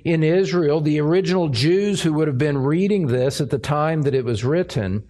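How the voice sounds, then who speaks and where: A man preaching an expository sermon, speaking deliberately and repeating words as he finds his phrasing. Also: fairly high pitch, darkish tone. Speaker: pastor.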